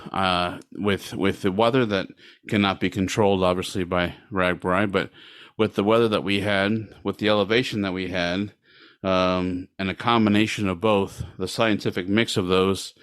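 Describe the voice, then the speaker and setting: A man co-hosts a relaxed podcast chat, joking and wandering through his points with plenty of fillers. His voice sits on the low side. It is recorded dry and close, with no room sound. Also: moderate pace, clean tone, no room sound. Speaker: podcast co-host.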